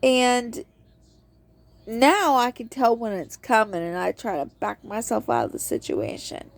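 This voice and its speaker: A woman's voice: fairly high pitch, lively intonation, a little slow, creaky. A woman hosting a podcast, giving a casual devotional talk on a Bible book and acting out quotes in an earnest storytelling tone.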